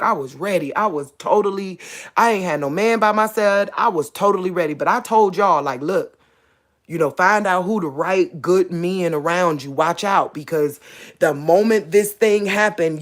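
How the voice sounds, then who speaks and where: Woman, online preacher, informal sermon, emphatic then hushed, "real talk" asides. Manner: repeats "real talk" and "you get what I'm saying"; rises high and emphatic, then drops soft and emotional. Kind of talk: informal spoken sermon to camera.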